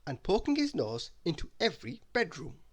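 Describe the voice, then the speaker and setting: A man reading a children's bedtime story aloud in an animated, expressive way. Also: fairly high pitch, brisk, slightly rough.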